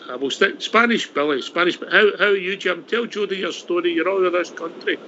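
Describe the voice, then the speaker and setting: A man hosting a call-in radio show, moving briskly between callers and joking with them. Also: high-pitched, bright, forceful tone. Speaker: radio host. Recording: muffled, faint noise.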